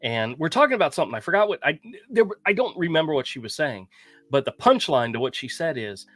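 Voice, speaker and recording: A man telling a story in a casual podcast chat, animated and swearing freely. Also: fairly high pitch, fast talker, no room sound. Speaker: podcast co-host.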